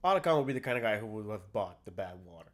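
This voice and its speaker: A man's voice: on the low side, very animated, rapid-fire. Blunt, profane man explaining game tactics. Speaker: podcast co-host. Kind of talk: casual gaming chat.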